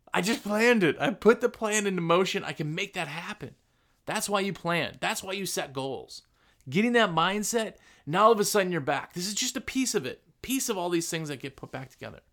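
Male podcast host with a slightly high voice, blunt and animated, pushing listeners to plan and hustle. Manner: blunt, animated, rhetorical questions. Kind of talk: motivational business talk.

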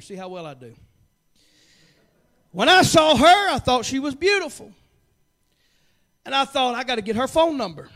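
A man preaching from the pulpit in a very high, bright, forceful voice. He moves between hushed, folksy jokes and shouted bursts of fervor. It is a lively, heartfelt church sermon. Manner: fervent preaching that swings from quiet asides to shouted peaks; joking, folksy asides. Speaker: pastor.

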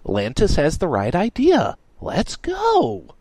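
A man voicing an exasperated, scheming young shop owner who talks in a raised, pushy, excitable way. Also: sits high, slow pace, dry recording, voice pushed up, exaggerated voice.

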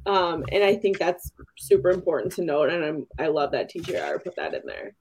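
A woman's voice: low voice, wildly swooping pitch, brisk, darkish tone, a little hiss or hum. A woman co-hosting a book review podcast, chatting casually, laughing often and acting out quotes. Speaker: podcast co-host.

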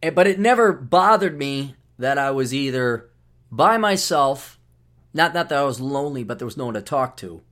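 A man's voice: mid-range voice, animated, moderate pace, a bit bright. A middle-aged man hosting a podcast, talking in a rambling, sardonic solo monologue with frequent restarts. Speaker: podcast host.

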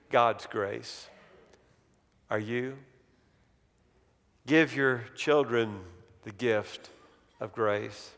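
Pastor preaching in a reverberant sanctuary. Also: male voice, medium pitch. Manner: dramatic storytelling, slowing and dropping to a hush on key words. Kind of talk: sermon. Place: church sanctuary. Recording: long reverb of a large hall.

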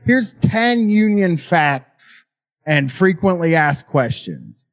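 A man's voice: a little high, very animated, a little slow. Sarcastic man hosting a podcast. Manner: sarcastic, reads out documents and riffs on them. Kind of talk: casual comedic podcast chat.

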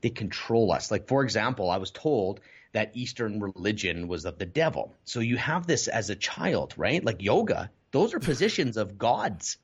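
A man telling his personal story in a candid interview, animated and lively. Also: on the low side, moderate pace, few pauses, slightly rough, dull audio. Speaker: podcast guest.

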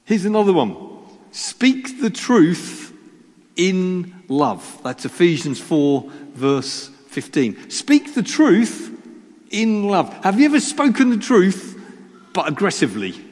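A man with a high voice and darkish tone preaches slowly yet very animatedly to his congregation. As pastor, he mixes self-deprecating jokes with rhetorical questions, and the church hall around him is reverberant.

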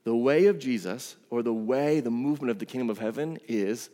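A man's voice: mid-range voice, a little fast, few pauses, dark tone, big-room sound. A man preaching a sermon as pastor, conversational and emphatic, with casual asides. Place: church sanctuary.

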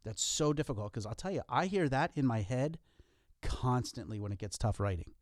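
Male podcast co-host, earnest and joking, very expressive pitch, dry studio sound. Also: normal speed, no room sound. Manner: earnest, lively, self-deprecating jokes. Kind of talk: casual motivational podcast talk.

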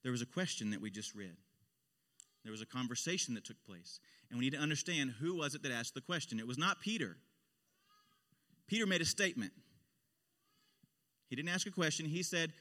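A man's voice: medium pitch, animated, fairly quick, long pauses, sharp tone, in a large hall. A male pastor preaching a sermon in an impassioned style, his voice swelling on key phrases. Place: church sanctuary.

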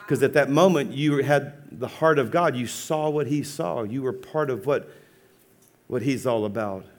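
A man preaching as a pastor, telling a funny personal story with lively, laughing acted-out dialogue. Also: mid-range voice, moderate pace. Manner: animated, humorous, acts out dialogue with laughs. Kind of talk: sermon storytelling.

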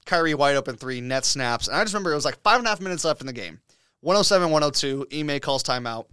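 Excitable, profane sports-podcast man, higher voice. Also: quick pace, clean tone, dry recording, clean studio sound. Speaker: podcast host. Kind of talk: casual sports podcast chat.

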